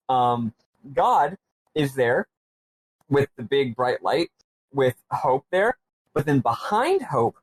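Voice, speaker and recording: A man's voice: mid-range voice, a little mellow, breathy edge, no room sound, rough recording. A man hosting a podcast, casually recapping with enthusiastic, rambling asides and plenty of ums. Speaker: podcast host.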